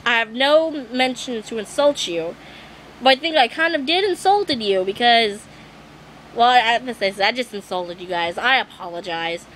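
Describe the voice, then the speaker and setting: A woman's voice: fairly high pitch, animated, unhurried, a bit bright, a little hiss or hum, poor audio. A young woman vlogging a rant, exasperated and swearing, apologizing often and losing her voice. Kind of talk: ranting vlog monologue.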